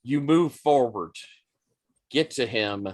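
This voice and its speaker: A man running a tabletop role-playing game as game master, narrating in an unhurried, descriptive way and laughing now and then. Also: mid-range voice.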